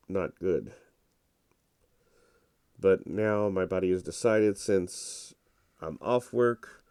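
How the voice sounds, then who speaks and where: A congested man talks through his gameplay in a relaxed, rambling way. His voice is deep, mellow and smooth, and he takes his time. The recording is dry and close. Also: dry recording. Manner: relaxed, rambling and self-deprecating. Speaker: gameplay commentator. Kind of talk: casual gameplay commentary.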